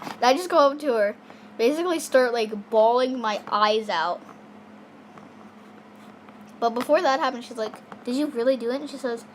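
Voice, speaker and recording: A woman's voice: fairly high pitch, fairly bright tone, slight background noise. A girl casually telling a personal story in a rambling way, with many fillers and restarts.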